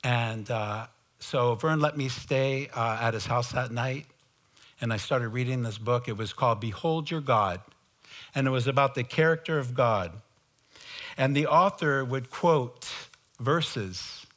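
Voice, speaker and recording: A man telling his conversion story in a sermon, slow and halting, with many fillers and restarts. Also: mid-range voice, a bit bright. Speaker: preacher giving testimony. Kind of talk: sermon testimony.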